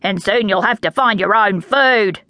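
Two grumpy older magpie siblings lecture the little ones in a smug, told-you-so tone, a little raised in pitch and bright, as an Australian woman reading a storybook voices them. They sound cranky and superior. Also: animated, takes it slowly, dry recording, studio quality.

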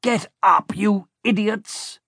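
A man's voice: on the high side, very animated, no room sound, clean studio sound, pitched above the performer's own voice. A man playing a sneering villainous baron. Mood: angry. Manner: slow, gloating, shouts insults. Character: sneering villainous male baron, bossy, cruel.

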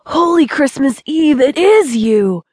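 A woman's voice: fairly high pitch, animated, moderate pace, a little mellow, no echo, clean studio sound, lightly acted. Woman playing a flustered, guarded young woman. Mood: startled.

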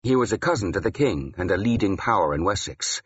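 A man narrating a historical novel in first person, with dramatic, expressive delivery. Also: deep voice, brisk, slightly rough, no room sound, dull audio. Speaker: audiobook narrator.

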